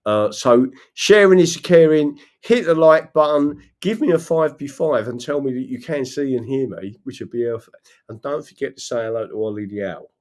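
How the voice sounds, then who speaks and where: A man with a London accent chats loosely to his livestream viewers at a middling pitch. He wanders from one thought to the next, swears freely, laughs often and reads out comments from the chat. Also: lively intonation, moderate pace, a little mellow. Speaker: livestream host. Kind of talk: casual live-stream chat.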